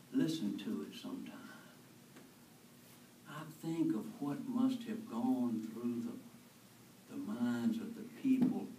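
A man's voice: medium pitch, mellow, a little hiss or hum. A male pastor preaching an earnest, conversational sermon, asking his congregation questions. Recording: echoey church from far off.

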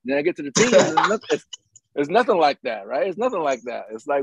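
A man's voice: fairly high pitch, big pitch swings, fast, husky, low-quality recording. A middle-aged man hosting a casual conversation, talking in an emphatic, motivational way and repeating his points. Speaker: podcast host, retired Green Beret.

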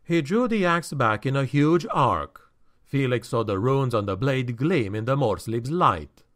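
A man reading a fantasy audiobook in a measured, expressive storytelling manner. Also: medium pitch. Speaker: audiobook narrator. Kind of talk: scripted fantasy audiobook narration.

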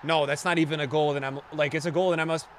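A man streaming live gameplay commentary, sarcastic and bantering and often yelling at the game. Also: on the high side, steady tone, quick pace, a little hiss or hum. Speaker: gaming streamer.

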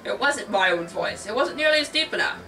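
A woman reading a boastful, easily scared male thunder god with loud, blustering lines, recorded from a distance with music behind. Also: on the high side, animated, brisk.

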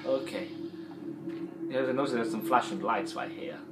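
A man's voice: medium pitch, moderate pace, reverberant, noisy background. A man with a Yorkshire accent giving rambling, casual game commentary as a let's play host. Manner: rambling, chatty, trailing off.

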